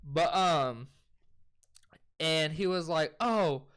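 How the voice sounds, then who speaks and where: A young man, co-hosting a casual chat and loosely retelling a movie plot with profanity and quick voices. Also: medium pitch, a bit bright, smooth. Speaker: co-host.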